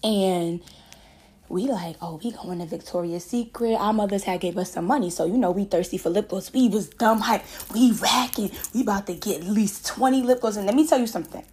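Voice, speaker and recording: Woman, late twenties, podcast host, casual storytelling, profane, animated, laughs often. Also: medium pitch, a little fast.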